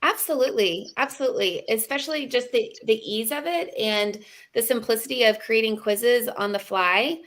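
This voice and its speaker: A woman's voice: on the high side, normal speed, a bit bright. A woman teacher chatting in a demo, affirming and encouraging as she explains how she would use it in class. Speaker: teacher guest. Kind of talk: conversational co-host reactions.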